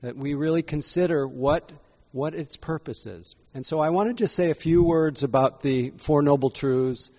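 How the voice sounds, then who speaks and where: A man with a fairly high, warm voice leads an evening dharma talk on meditation. He speaks in an unhurried, reflective way and often repeats or rephrases his points. The recording carries a long hall reverb.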